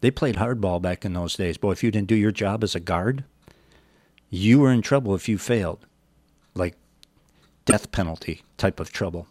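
Low-voiced man teaching a Bible passage. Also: darkish tone, dry recording. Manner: reads scripture slowly, then explains it in plain talk; folksy asides.

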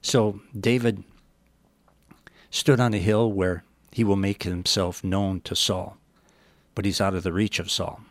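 A man with a low voice leads a verse-by-verse Bible teaching. He reads the old scripture at a measured pace, then explains it in plain, folksy words. The recording is close and dry, with no room sound. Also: little pitch movement, dry recording. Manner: folksy asides.

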